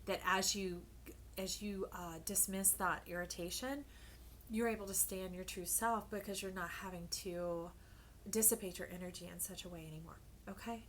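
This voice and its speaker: A woman giving a casual tarot reading to camera, playful and animated, who often drops to a soft whisper and calls her listeners "baby" and "y'all". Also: medium pitch, moderate pace, a little hiss or hum. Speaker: tarot card reader.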